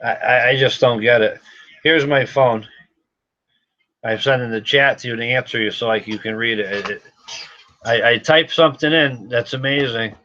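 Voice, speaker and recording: A man's voice: mid-range voice, moderate pace, bright, forceful tone. A man hosting a casual livestream, talking to viewers in a frustrated, repetitive, muttering way. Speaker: gun shop livestream host. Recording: slightly dull lo-fi sound.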